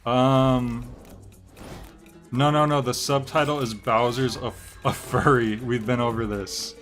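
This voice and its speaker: A man's voice: mid-range voice, fairly even intonation, a little slow, a bit bright, soft background music. A man giving casual gameplay commentary on a stream, joking and reacting to chat as he plays. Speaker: game streamer.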